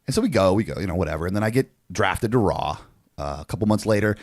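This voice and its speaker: Low, lively man telling a story. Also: fast talker, no echo, clean studio sound. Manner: animated, profane, frequent fillers. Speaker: podcast co-host. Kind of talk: casual storytelling.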